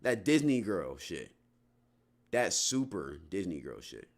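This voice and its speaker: A young man talks casually to his livestream chat. His voice sits fairly low but keeps leaping up and down with animated energy. He rambles in loose slang, restarting sentences as he goes. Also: takes it slowly.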